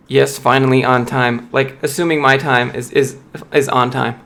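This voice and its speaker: A man's voice: mid-range voice, little pitch movement, unhurried, creaky, fairly bright tone. A young man on a casual livestream, reading and answering viewer chat in a blunt, motivational way. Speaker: streamer, software developer.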